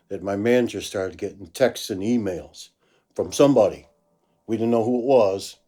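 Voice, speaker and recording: A man telling a story casually, acting out the voices of the people in it. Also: fairly low pitch. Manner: animated storyteller, acts out quoted voices. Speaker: blues musician telling a story.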